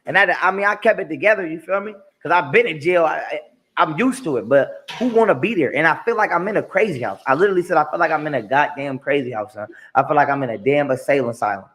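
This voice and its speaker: A man's voice: fairly high pitch, fast, a bit bright. A man in a played clip ranting emphatically about his own experiences, repeating himself and swearing often. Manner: emphatic, repetitive, profane. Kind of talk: ranting monologue.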